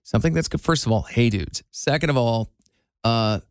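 A man's voice: mid-range voice, moderate pace, no room sound, studio quality. A man hosting a talk show segment in casual chat, playful and leading the conversation. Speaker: radio show host.

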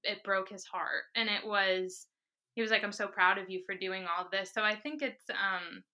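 A young adult woman talking as a podcast guest, telling her story in a lively, laughing way. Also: medium pitch, normal speed. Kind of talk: casual interview chat.

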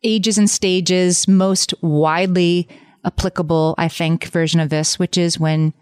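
A woman's voice: fairly low pitch, steady tone, measured pace, darkish tone, clean tone, no echo. A woman co-hosting a podcast, talking in an earnest, chatty way. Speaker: podcast co-host. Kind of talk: casual chat.

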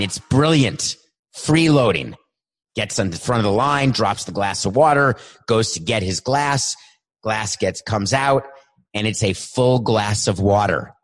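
A man hosting his own podcast, talking solo in a worked-up, emphatic way and stretching words for emphasis. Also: fairly low pitch. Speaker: podcast host. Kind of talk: energetic solo podcast monologue.

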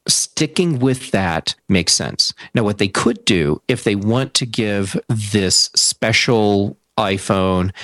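A man's voice: fairly low pitch, fairly bright tone, dry recording, studio quality. A man commenting on tech as a show guest, thinking aloud with fillers and restarts. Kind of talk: casual tech talk.

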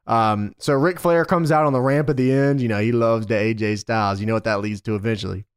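A man's voice: lowish voice, fairly even intonation, fairly quick, clean tone, dry recording, studio quality. A man co-hosting a casual wrestling podcast, recapping shows with frequent laughs, swearing and mock quotes. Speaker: podcast co-host.

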